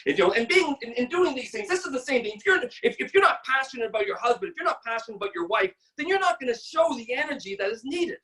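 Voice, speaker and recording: A woman's voice: a little high, fast talker, few pauses, distant mic. Emphatic older woman giving sales training. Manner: emphatic, energetic, blunt. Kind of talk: motivational training talk. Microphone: video call.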